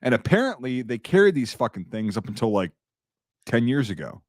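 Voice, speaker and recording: A man talking in a loose, meandering way, swearing freely and often restarting his sentences. His voice sits at an ordinary middle pitch. The sound is dry and close, with no room around it. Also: very animated, a little fast, dry recording. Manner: rambling, profane, many restarts and fillers. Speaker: podcast host. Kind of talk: casual chat.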